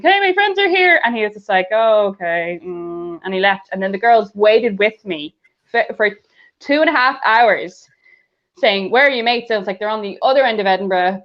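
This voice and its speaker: An Irish woman co-hosting a comedy podcast, telling a story in casual chat and laughing often. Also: mid-range voice. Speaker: podcast co-host. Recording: dull lo-fi sound.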